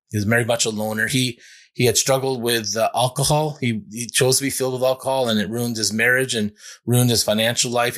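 A male pastor preaching in an earnest, conversational way as he tells a personal story. His voice sits in a middle pitch, and he often restarts his phrases as he goes. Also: fairly bright tone. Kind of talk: sermon storytelling.

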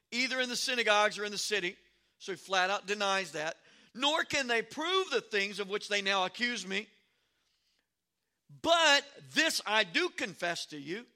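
A male pastor preaching an expository sermon, reading scripture aloud and adding animated, sarcastic asides. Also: high voice.

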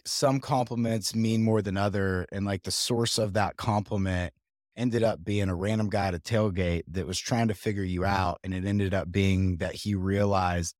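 A man's voice: fairly low pitch, no room sound, studio quality. A man hosting a podcast, talking casually with a rambling, filler-heavy manner. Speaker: podcast host. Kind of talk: casual chat.

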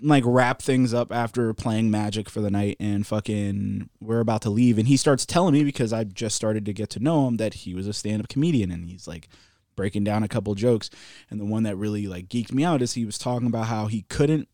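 Low-voiced laid-back male storyteller. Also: fairly quick, mellow, dry recording, studio quality. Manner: laid-back storyteller, swears, laughs at his own stories. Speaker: podcast co-host. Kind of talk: casual storytelling chat.

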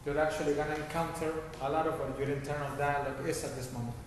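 A man's voice: on the high side, little pitch movement, fast. Man guiding a laughter meditation, echoey hall. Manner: instructive, checks in with repeated "okay?". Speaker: yoga teacher. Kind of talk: guided laughter meditation class. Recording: echoey hall with faint noise.

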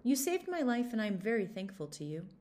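Storybook weasel: small, brave, bragging, read by a woman in a lively voice. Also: fairly high pitch, pitched above the performer's own voice. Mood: boastful. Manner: swaggering, brisk and eager. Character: bold boastful little male weasel.

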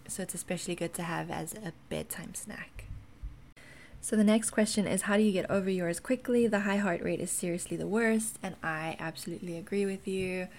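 A chatty woman with a mixed South African accent, talking casually to her viewers. Her voice sits a little low, and she rambles along with plenty of ums and small restarts. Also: slight background noise. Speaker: wellness content creator. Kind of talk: casual vlog talk.

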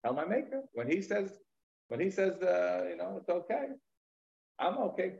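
An aggrieved, insulted old man with an ugly face, pleading in a higher, plaintive voice that climbs on his complaints, as a lecturing man puts him on. The sound is muffled and lo-fi. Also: big pitch swings, moderate pace, vocal fry, a little mellow, exaggerated voice.

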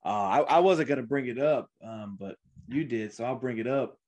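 A man's voice: mid-range voice, normal speed, darkish tone. A man in his twenties, a podcast host, telling a rambling, emotional story in casual chat, with many restarts. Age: 20s.

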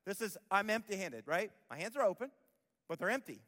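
This male pastor's voice sits high and sounds fairly bright as he preaches in a large hall of a church auditorium. He's very animated and brisk, hammering home key phrases and voicing the people he quotes.

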